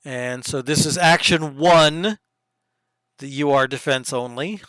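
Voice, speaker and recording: A man narrates a tabletop game as its game master, describing each blow and roll in lively detail. His voice sits a little high and comes through smooth and clear. The sound is close and dry, with no room echo. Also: slow pace. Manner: lively descriptive narration with sudden hushed asides.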